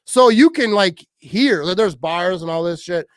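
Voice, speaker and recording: On his podcast, a man from Wisconsin laughs his way through rambling, crude stories in casual chat. His voice is high, animated, and swings widely in pitch, at a slightly slow pace. The recording is dry and close.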